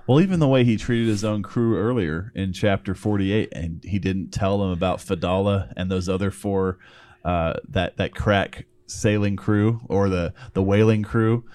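A man with a low voice joins a relaxed discussion of a novel. He talks thoughtfully and sums up ideas in plain words. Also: moderate pace, smooth. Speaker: book discussion co-host. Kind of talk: casual book discussion.

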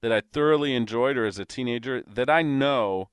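A man's voice: medium pitch, fairly quick, clean tone, no echo. A man co-hosting a podcast, talking in a reflective, earnest way. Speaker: podcast co-host. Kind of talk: casual chat.

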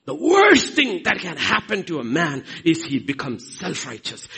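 A man's voice: high voice, huge pitch swings, moderate pace, gravelly, breathy edge, rough recording. Dramatic Indian man preaching. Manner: dramatic, swings between loud emphasis and soft asides. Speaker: pastor. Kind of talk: sermon.

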